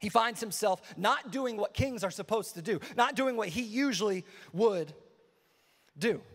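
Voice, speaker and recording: A man preaching a sermon as pastor, energetic and casual, repeating phrases for emphasis. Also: high-pitched, a little slow, in a large hall.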